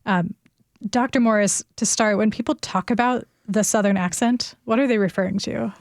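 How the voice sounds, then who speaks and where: A woman's voice: mid-range voice, moderate pace, dry recording, clean studio sound. Woman hosting a public radio show. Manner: clear, conversational.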